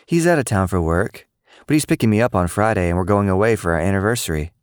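A man voicing a calm, amused young mother. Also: low voice, fast, clean tone, no echo, clean studio sound. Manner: calm, amused, deadpan humor. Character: patient good-humored mother in her twenties.

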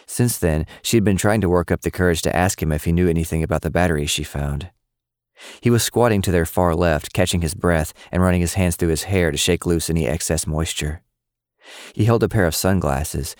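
A man reading a novel aloud as its narrator, steady and measured. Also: low voice, no room sound, clean studio sound. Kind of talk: scripted audiobook narration.

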